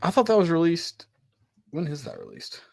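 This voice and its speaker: A man's voice: fairly high pitch, huge pitch swings, normal speed, vocal fry, darkish tone, no room sound. A young man co-hosting a casual sports podcast, easygoing and asking questions. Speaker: podcast co-host.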